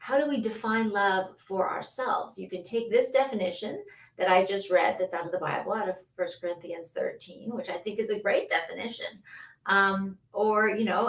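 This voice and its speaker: A woman hosting a casual livestream, chatty and quick to laugh, who greets viewers by name. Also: mid-range voice, a bit bright, distant mic. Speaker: livestream host. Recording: roomy echo, a bit off-mic.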